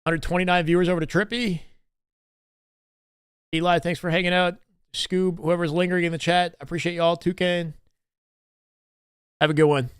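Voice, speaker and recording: A Canadian man chatting casually on a live stream, relaxed and full of fillers as he reacts to matches. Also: high-pitched, moderate pace, pauses often, clean tone, no echo, studio quality. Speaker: streamer and esports co-caster.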